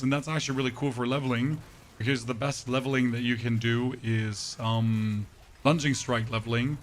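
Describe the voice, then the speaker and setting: Brief: male game streamer, flat monotone chat, medium pitch, casual. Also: slight background noise. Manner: monotone, dry delivery. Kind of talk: casual live-stream chat while gaming.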